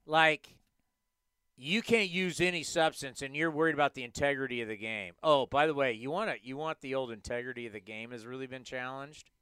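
A man hosting a sports talk show, ranting in an animated, emphatic way into a studio microphone. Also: mid-range voice, brisk, clean tone, no echo. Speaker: sports podcast host.

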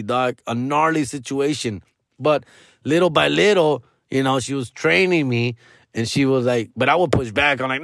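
This man's creaky, mid-range voice moves at a normal speed as he casually recounts stories. He's profane and slangy, drops Spanish words, and quotes people in an animated way, all captured in clean studio sound with no room tone.

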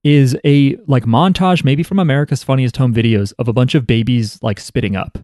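A man chats casually on a podcast, winding through his stories with plenty of restarts and asides. His voice sits at an ordinary middle pitch. The recording is dry and close, with no room sound. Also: a little fast, a little mellow, dry recording. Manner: rambling, self-interrupting storyteller. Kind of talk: casual chat.

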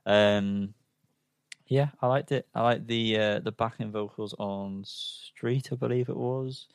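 A man's voice: fairly low pitch, fairly even intonation, takes it slowly, vocal fry, no room sound, studio quality. A man co-hosting a casual album review chat, hesitant and self-deprecating, full of ums. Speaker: podcast co-host reviewing albums.

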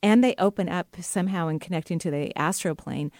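A middle-aged woman hosting a talk radio show as a psychic medium, chatty and enthusiastic and quick to laugh. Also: fairly low pitch, a little mellow, dry recording, clean studio sound.

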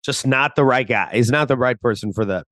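Man, mid-pitch podcast co-host, animated, casual. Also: a little fast, no echo, studio quality. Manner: animated, acts out quotes, laughs. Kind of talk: casual chat about a TV show.

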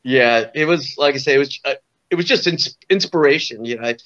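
A man's voice: medium pitch, fairly quick, fairly bright tone, dull audio. A man in his sixties from Southern California, a guest musician telling stories in a rambling way, full of "you know" and restarts. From Orange County, California. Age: 60s. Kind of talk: casual storytelling interview.

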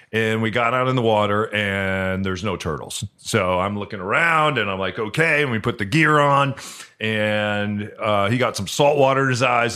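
Earnest lower-voiced man telling a story. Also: pushed and bright. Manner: earnest, halting with repeated restarts. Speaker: podcast co-host. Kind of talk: storytelling in casual chat.

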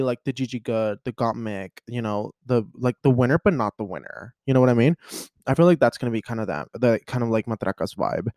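A young man chatting casually on his own as a podcast host, rambling, excitable and often cutting himself off mid-thought. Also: mid-range voice, dry recording, studio quality. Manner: rambling, self-interrupting, excitable. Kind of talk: casual solo chat.

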